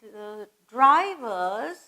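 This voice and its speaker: Slow, high-voiced woman teaching grammar. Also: big pitch swings, sharp tone, rough recording. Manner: slow, patient, repeats and spells out words. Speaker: English teacher. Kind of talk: grammar lesson.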